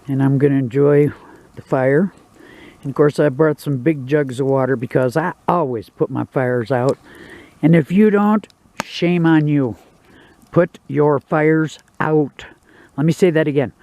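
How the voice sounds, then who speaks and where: A man's voice: on the high side, normal speed, dark tone. A man narrating his own outdoor cooking vlog beside a campfire in the woods, in a folksy, joking, laid-back way.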